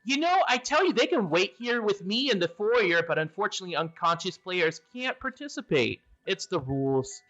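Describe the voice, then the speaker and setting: Man putting on a chatty high-pitched gargoyle. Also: sing-song, normal speed, few pauses, a bit bright. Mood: fussy polite. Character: chatty polite male gargoyle guarding magic slides. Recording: dull lo-fi audio.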